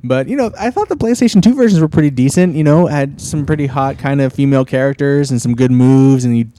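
A man's voice: medium pitch, fast talker, dark tone, dry recording. Male podcast co-host, casual and rambling, mid-range voice, dry close-mic sound. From Pacific Northwest, US. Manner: rambling, many fillers and restarts. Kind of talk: casual chat.

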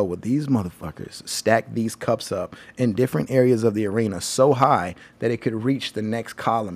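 A man's voice: medium pitch, steady tone, normal speed, hardly any pauses. A young man from Tennessee with a Southern American accent, telling a rambling, casual travel story as a host, with frequent ums and swearing. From Tennessee, USA. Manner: laid-back, rambling, frequent ums and profanity. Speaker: podcast host.

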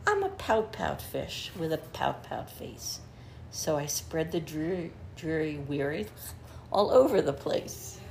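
A woman's voice: very animated, slow pace, creaky, darkish tone, a little hiss or hum, heavily acted. A woman voicing a glum, gloomy male fish in a storybook, in a mopey sing-song rhyme. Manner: mopey sing-song rhyming, low blubs.

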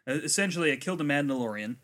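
A man chatting casually as a podcast co-host, telling stories with animated quoted voices and casual swearing. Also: very fast. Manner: animated storyteller, acts out quotes with big pitch jumps; swears casually, many fillers. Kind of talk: casual chat.

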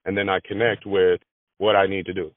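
A man talks in an interview with a fairly low voice, often repeating himself and starting sentences over. The sound is dry and tinny, like a phone call. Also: little pitch movement, a little fast, no echo. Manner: repeats words, restarts phrases. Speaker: granite business manager. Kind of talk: interview conversation.

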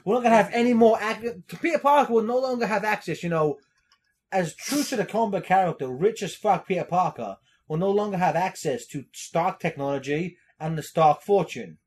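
A man's voice: high voice, a little fast. A man co-hosting a casual podcast chat about movies and shows, laughing often and acting out quotes. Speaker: podcast co-host.

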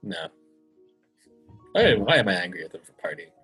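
A woman with an Irish accent in casual chat, teasing in a dry, deadpan way. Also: extremely low pitch, normal speed, over music.

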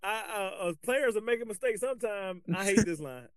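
A man's voice: sits high, a little fast, no echo. A man co-hosting a podcast, talking casually and animatedly about coaching, with loose restarts. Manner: animated, colloquial, restarts often. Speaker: podcast co-host, basketball coach.

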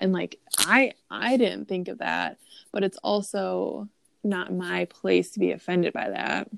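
Hesitant gravelly woman chatting. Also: on the low side, measured pace. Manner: hesitant, full of "like" and "um". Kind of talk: casual chat.

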